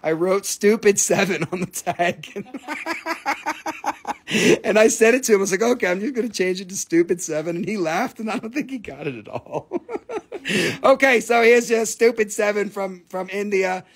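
A man with a high voice hosts a live crystal sale in a loose, joking way. He swears freely and breaks into giggles, and his tone has a gravelly creak. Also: moderate pace, pauses often. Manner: giggly, profane, jokey storyteller. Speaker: host of a live crystal sales stream. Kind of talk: casual live sales chat.

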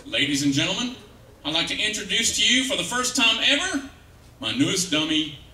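Guy doing a live ventriloquist act, teasing the crowd, high lively voice, echoey auditorium, heard from far off. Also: brisk, slight background noise. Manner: playful, teasing audience banter. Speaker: ventriloquist comedian. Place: college auditorium stage.

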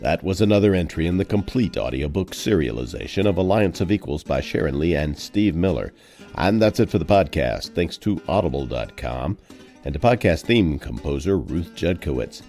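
A man's voice: low-pitched, animated, moderate pace, dark tone. A man hosting a podcast, reading a scripted outro with dry, whimsical wording. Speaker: podcast host. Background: faint guitar music.

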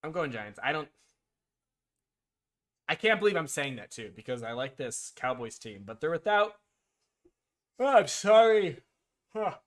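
A man's voice: mid-range voice, expressive, moderate pace, pauses often, fairly bright tone. A man chatting casually on a live stream, rambling through sports picks, answering viewers by name and giving blunt, slightly profane opinions. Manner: rambling, talks to chat viewers, frequent ums and restarts.

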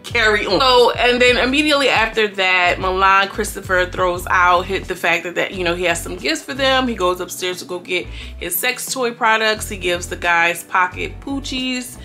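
A woman with a bright, forward voice talks through a reality show recap in a loose, slangy way, addressing her viewers directly. She keeps slipping into quick impressions of the cast. Soft music plays faintly underneath. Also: mid-range voice. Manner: slangy, chatty, acts out quotes. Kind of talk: casual recap commentary.

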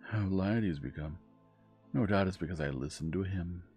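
A man's voice: sits low, moderate pace, a little mellow, faint music behind. A man voicing Big Klaus, a greedy, vengeful grown man, in a blustering, threatening way for a bedtime story.

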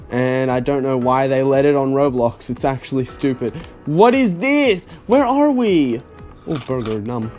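A man's voice: medium pitch, dark tone. A young man commenting on a game he is playing, with sarcastic, incredulous reactions. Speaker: gaming YouTuber. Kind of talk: let's play commentary.

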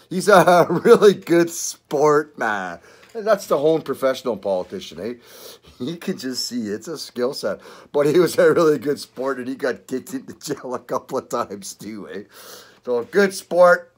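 A man's voice: medium pitch, expressive, moderate pace. An older man with a Canadian accent, chatting casually in a vlog, rambling, swearing and laughing often. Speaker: vlogger. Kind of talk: casual chat.

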